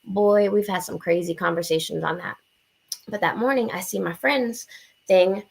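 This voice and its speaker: A young woman with a gravelly, mid-pitched voice tells a wild story as a podcast guest. She talks bluntly and swears freely, and acts out what people said as she goes. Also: normal speed. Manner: profane, blunt, animated storytelling with acted-out quotes. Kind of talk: casual storytelling.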